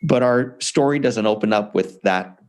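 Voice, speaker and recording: A man's voice: fairly low pitch, moderate pace, darkish tone. A man being interviewed as an author, telling a personal story in an earnest, heartfelt way. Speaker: author and speaker, interview guest.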